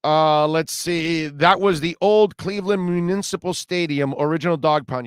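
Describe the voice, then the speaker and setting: In a radio studio, a man hosts a live sports talk show, reading listener comments and reacting with animated emphasis, often repeating himself. His voice is on the high side and clean-toned, at normal speed. The studio sound is clean, with no room sound.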